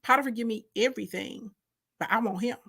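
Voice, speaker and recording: A woman's voice: high voice, expressive, moderate pace. A woman voicing a scheming, lustful rich wife who turns indignant when refused. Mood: sultry.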